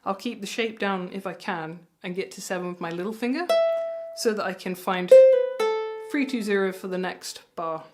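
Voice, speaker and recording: A woman teaching ukulele, talking in a friendly, encouraging way and counting beats aloud as she plays. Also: medium pitch. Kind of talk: music lesson with counting along. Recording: ukulele playing loudly behind. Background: ukulele playing.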